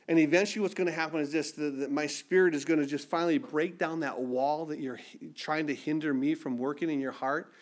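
A man's voice: on the high side, fairly even intonation, brisk, few pauses. A man preaching a sermon, emphatic and repetitive, acting out the voices of scripture figures.

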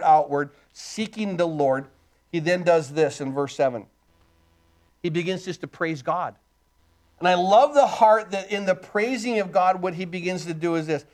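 Emphatic high-voiced male preacher. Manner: rhetorical questions answered himself, emphatic. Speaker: pastor. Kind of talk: sermon.

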